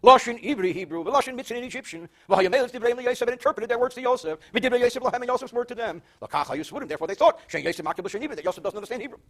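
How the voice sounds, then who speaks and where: An older man, a rabbi, teaching a Torah portion verse by verse, reading Hebrew slowly, translating, and adding dry wisecracks. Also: very high voice, fairly bright tone. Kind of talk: verse-by-verse Torah class with jokes.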